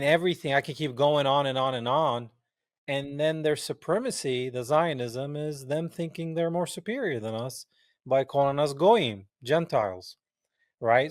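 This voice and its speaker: A man's voice: mid-range voice, dry recording, studio quality. A man from Palestine hosting a podcast interview, talking in an emphatic, impassioned way with rhetorical asides. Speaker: podcast host. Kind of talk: casual interview chat.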